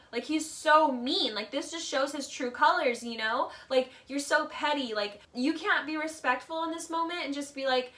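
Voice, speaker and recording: A woman's voice: high-pitched, moderate pace, few pauses, bright, forceful tone, far from the mic. A woman giving casual, opinionated commentary on a reality show. She talks in a chatty way, leans heavily on "like" and "literally", and acts out quoted lines in mock voices. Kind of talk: casual video essay commentary.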